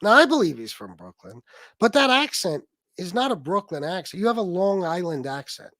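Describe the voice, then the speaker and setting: Brief: male livestream host, heated and sarcastic, swears constantly, voice on the higher side. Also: sing-song, moderate pace, fairly bright tone, no room sound, clean studio sound. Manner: profane, heated, sarcastic ranting. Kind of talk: ranting livestream commentary.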